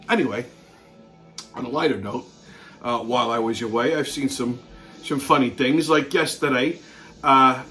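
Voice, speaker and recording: A man's voice: on the high side, pushed and bright. A man hosting his show, ranting bluntly in a heavily profane monologue and laughing through his own stories. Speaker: show host.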